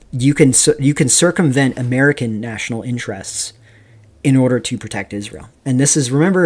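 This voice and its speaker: A man hosting a live stream, rambling casually through commentary, reading chat questions aloud and filling pauses with "um" and "like". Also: medium pitch, darkish tone. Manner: rambling, reads chat aloud, many fillers. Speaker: streamer host.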